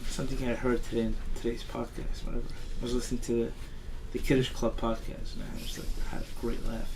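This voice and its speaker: A man's voice: mid-range voice, flat delivery, fast talker, darkish tone, slight background noise. A middle-aged father chatting as a podcast guest, telling stories in a rambling way with many restarts. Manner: rambling storyteller, frequent restarts. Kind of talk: casual chat.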